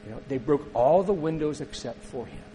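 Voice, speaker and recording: A man's voice: mid-range voice, lively intonation, fairly quick, dark tone, a little hiss or hum, low-quality recording. A middle-aged man preaching a sermon as a pastor, telling a story in a conversational way and turning to ask the congregation questions.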